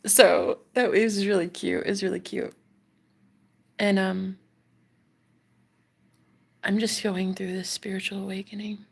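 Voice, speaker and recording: Creaky-voiced Welsh woman. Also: mid-range voice, level tone, unhurried, pauses often. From Wales. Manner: rambling and open, with frequent restarts and laughs. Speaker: love coach. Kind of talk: candid confessional monologue.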